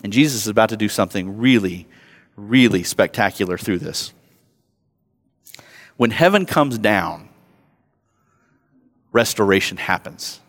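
A man in his thirties preaching a sermon as a pastor, conversational and self-mocking, telling stories and rising loud when he acts them out. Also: on the low side, expressive, a little slow, pauses often. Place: church sanctuary. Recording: long hall reverb.

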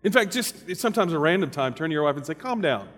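A man preaching a sermon in a conversational, lively way, firing rhetorical questions at the congregation and dropping in jokes. His voice sits a bit higher than most men's, and a long reverb of a church hall trails each line. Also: very fast. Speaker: pastor.

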